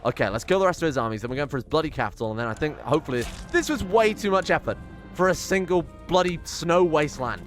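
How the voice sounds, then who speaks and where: A young man commenting on his strategy game, excitable and sweary, muttering to himself as he plays. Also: fairly high pitch, fast, faint music behind. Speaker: gaming channel host. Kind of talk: let's play commentary.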